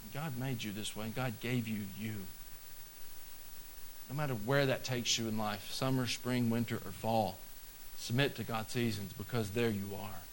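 A male pastor delivering a sermon, shifting from easy conversational talk to loud, slow, emphatic declarations. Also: lowish voice, fairly even intonation, slight background noise, rough recording.

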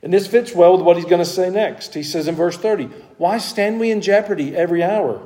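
Mellow-voiced man teaching a Bible study. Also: high voice, a little fast. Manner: conversational, grows emphatic.

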